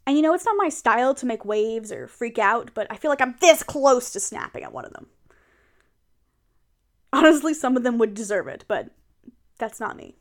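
A young adult woman in a casual role-play monologue, chatting and venting to her partner in an animated way. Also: a little high, moderate pace, pauses often. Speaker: audio role-play performer.

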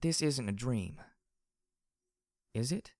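A man reading an audiobook, voicing a timid, fragile young female pegasus pony who speaks softly and hesitantly. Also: medium pitch, lively intonation, slow pace, dry recording, clean studio sound, pitched above the performer's own voice. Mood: fragile, quiet. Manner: soft, quiet, hesitant. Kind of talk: audiobook character voice.

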